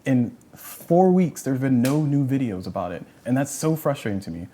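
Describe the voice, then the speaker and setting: A man's voice: mid-range voice, very animated, normal speed, mellow, a little hiss or hum. A man hosting a casual livestream panel chat, rambling and correcting himself with lots of fillers. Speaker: host.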